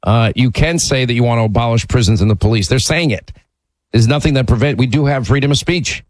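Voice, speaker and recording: A man's voice: medium pitch, a little fast, no room sound, rough recording. Male radio host, emphatic, stumbles on starts, dry close sound. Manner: emphatic, repeats words when starting sentences. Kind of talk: political call-in talk.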